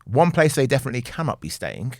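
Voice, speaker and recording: A man's voice: mid-range voice, big pitch swings, fast talker, a little mellow, no echo, clean studio sound. A man hosting a casual talk show, easygoing, laughing readily and adding short agreeing interjections. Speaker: host.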